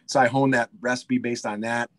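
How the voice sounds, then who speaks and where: A man's voice: medium pitch, fairly even intonation, moderate pace. A man who owns a pizza shop, chatting casually in an interview, rambling and eager with plenty of fillers and restarts. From United States.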